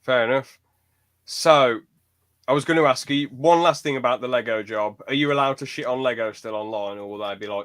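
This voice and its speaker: A man's voice: mid-range voice, a little fast, a bit bright. A young man hosting a podcast in casual chat, laughing often and joking crudely. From United Kingdom. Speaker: podcast host.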